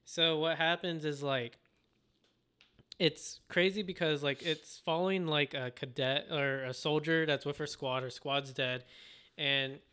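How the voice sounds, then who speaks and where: Bright, clear-voiced man retelling a story. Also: a little high, steady tone, measured pace. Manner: rambling storyteller, acts out quoted voices. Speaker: podcast co-host. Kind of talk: casual anime recap chat.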